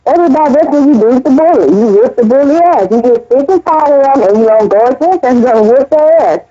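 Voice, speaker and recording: A woman's voice: high-pitched, lively intonation, fast, dark tone. A woman earnestly recounting her dreams in casual, rambling speech full of restarts. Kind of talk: casual spoken testimony. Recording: dull lo-fi audio.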